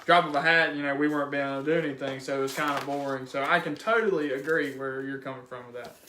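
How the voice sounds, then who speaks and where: A man's voice: mid-range voice, fairly even intonation, fast, roomy sound, background noise. A young man chatting casually and reading viewer comments aloud during a live video. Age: young adult. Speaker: chat reader.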